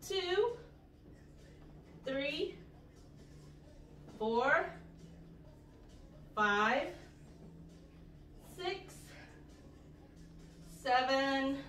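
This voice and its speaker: Chatty woman vlogger counting reps at home, a touch out of breath; bright voice, recorded from across an echoey room. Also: high-pitched, very animated, drawn-out words, pauses often, far from the mic, a little hiss or hum. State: a little out of breath. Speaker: vlogger doing a home workout. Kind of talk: casual workout vlog with rep counting.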